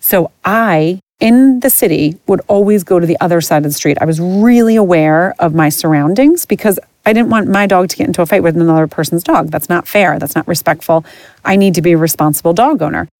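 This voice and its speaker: A woman's voice: on the low side, fairly quick, a little mellow, no echo. A middle-aged woman hosting a podcast, ranting in a blunt, profane and exasperated way. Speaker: podcast host. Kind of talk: casual ranting monologue.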